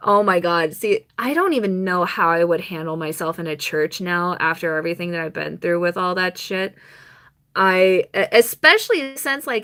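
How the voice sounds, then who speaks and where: A young woman chatting on a live stream, telling a rambling personal story with quick laughs and mock quotes. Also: lowish voice, sharp tone.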